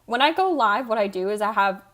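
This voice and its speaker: A woman's voice: medium pitch, lively intonation, a little fast, fairly bright tone. A woman livestreamer chatting casually with viewers, rambling, cutting herself off and swearing offhand. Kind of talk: casual chat reading out viewer comments. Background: faint background music.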